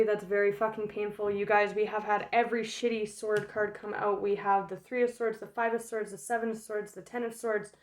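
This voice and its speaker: Animated, swearing woman tarot reader. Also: fairly high pitch. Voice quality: frank, swears freely, frequent fillers. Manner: animated, laughs often, emotional. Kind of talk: casual tarot reading.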